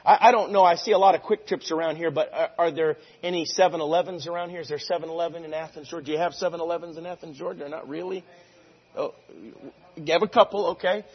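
A man preaching a sermon, moving between conversational asides and loud, drawn-out shouted lines of scripture. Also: fairly high pitch, steady tone, slightly rough, long reverb tail, lo-fi sound.

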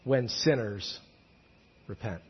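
Guy preaching, husky high voice, gets loud then drops real quiet, kinda muffled lo-fi sound. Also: slow pace. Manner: animated, swings from loud emphasis to hushed asides. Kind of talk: sermon. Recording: dull lo-fi recording.

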